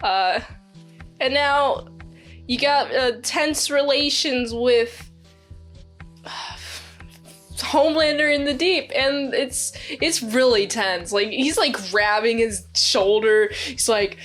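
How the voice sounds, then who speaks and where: A woman's voice: high-pitched, takes it slowly, fairly bright tone, soft background music. A young woman giving a casual, enthusiastic spoken review of a TV episode, rambling with lots of fillers and restarts. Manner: rambling, filler-heavy recap with frequent restarts; enthusiastic, talks back to the characters. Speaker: series reviewer.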